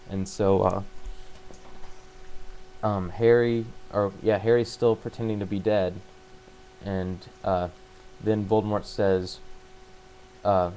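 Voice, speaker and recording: A man casually retelling a book's plot, halting and full of fillers and restarts. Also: low-pitched, fairly even intonation, dark tone, a little hiss or hum, rough recording. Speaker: book summarizer.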